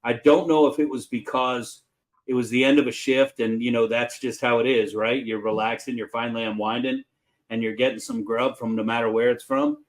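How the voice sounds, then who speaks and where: A man's voice: medium pitch, brisk, rough recording. Folksy middle-aged man telling kitchen stories. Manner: folksy, animated storyteller with fillers. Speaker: chef and show host. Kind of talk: casual storytelling.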